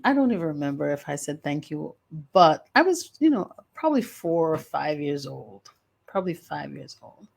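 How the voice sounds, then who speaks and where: An older woman, hosting a podcast and telling her life story with emphatic, drawn-out phrases. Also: sits low, very animated, creaky. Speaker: podcast host and author. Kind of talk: personal storytelling monologue.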